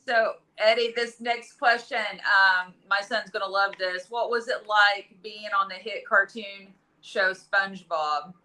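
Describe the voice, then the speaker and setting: A woman asking a guest slow, hesitant questions in a casual podcast chat. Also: mid-range voice, sharp tone, rough recording.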